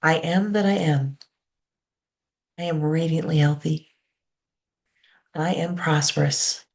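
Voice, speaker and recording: A woman reverend giving a sermon, calmly leading the congregation through affirmations and a guided meditation. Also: deep voice. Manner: slow, calm, leads call-and-response affirmations.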